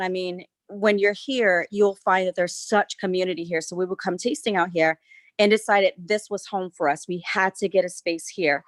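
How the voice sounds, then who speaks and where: A woman from South Carolina with a Southern accent, a winery owner chatting through a virtual tour with relaxed, friendly storytelling. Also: mid-range voice, no echo. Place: winery tasting room.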